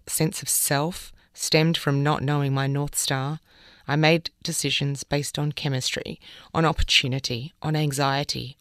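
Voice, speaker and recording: Female radio presenter; smooth, resonant read in a dry booth. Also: sits low, no room sound. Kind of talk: reading newspaper columns on air. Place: radio studio.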